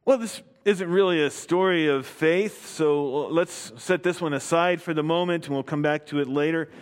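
A man's voice: fairly high pitch, normal speed, clean tone. A man preaching a sermon, reading scripture and explaining it, emphatic and drawing out key words. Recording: long hall reverb.

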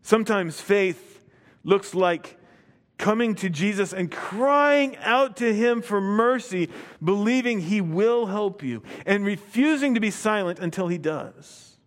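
A man's voice: high voice, expressive, slow. A man preaching a sermon, reading scripture and explaining it, emphatic and drawing out key words. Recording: long hall reverb.

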